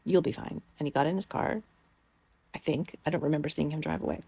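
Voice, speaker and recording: A woman's voice: deep voice, very animated, quick pace, mellow, husky, dry recording. A middle-aged woman telling a personal story in a rambling, casual way, with many fillers and the odd swear word.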